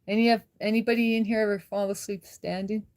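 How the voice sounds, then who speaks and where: A woman's voice: medium pitch, little pitch movement, quick pace, darkish tone. A worn-out woman hosting a casual livestream chat, laughing often and answering viewers' comments. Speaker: livestream host.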